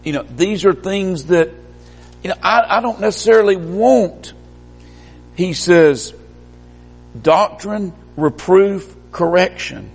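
A man preaches a sermon in a church hall, his slightly husky voice rising to emphatic peaks and then dropping low and quiet. His words ring out with a long reverb trailing behind them. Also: takes it slowly, long pauses.

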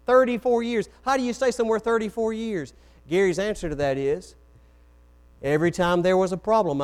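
A preacher with a high voice tells stories from the pulpit and plays out each quoted voice. A mains hum runs faintly under the recording. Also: male voice, darkish tone, clean tone. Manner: storytelling, acts out quoted voices. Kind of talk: sermon.

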